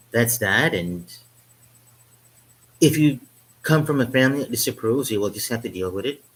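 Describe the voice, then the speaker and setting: Poor audio with slight background noise captures a man's fairly low voice. As a vlogger drinking wine indoors in Europe, he wanders through a joking, casual monologue to camera, heavy on "um" fillers and self-amused chuckles.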